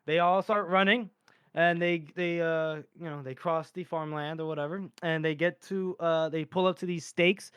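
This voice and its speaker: A man's voice: fairly high pitch, steady tone, normal speed, fairly bright tone, clean tone, no room sound, studio quality. A man co-hosting a casual podcast about a book series. He rambles through plot retellings, laughing often and swearing. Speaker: podcast co-host. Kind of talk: casual book-discussion chat.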